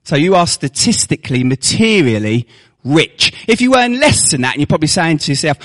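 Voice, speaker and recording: A man's voice: on the high side, sing-song, brisk. A man preaching a sermon to his congregation, with rhetorical questions and mocking asides.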